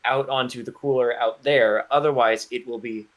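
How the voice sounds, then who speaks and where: A man's voice: medium pitch, fairly even intonation, normal speed. A man co-hosting a casual podcast chat, telling rambling stories with many restarts. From Florida. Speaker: podcast co-host.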